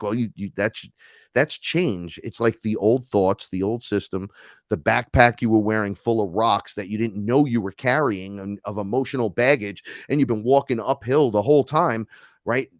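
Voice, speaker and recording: NY male guest, low-pitched, lively storyteller, dry mic. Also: no echo. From New York City. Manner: animated storyteller acting out quoted voices. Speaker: podcast guest, neo-shaman. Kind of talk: casual chat.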